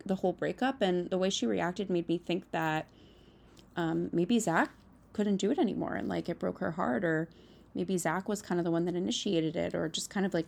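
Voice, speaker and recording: Young woman podcast host, casual chatty recap, heavy vocal fry. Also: mid-range voice. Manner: chatty, lots of "like" and "um", animated asides. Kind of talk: casual solo recap chat.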